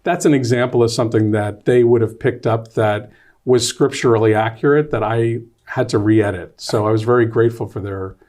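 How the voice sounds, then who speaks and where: Male author telling lively stories. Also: mid-range voice, brisk. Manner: lively storyteller, rambling with restarts. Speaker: author and playwright, guest. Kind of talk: casual interview.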